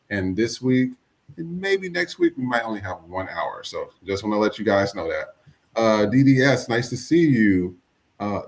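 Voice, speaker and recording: A male podcast host in a mid-range voice, running through a live show opening. He talks loosely and casually, stopping often with "uh" as he reads out the names of the people in the chat. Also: medium pitch. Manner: loose and chatty, lots of "uh" while reading out viewer names.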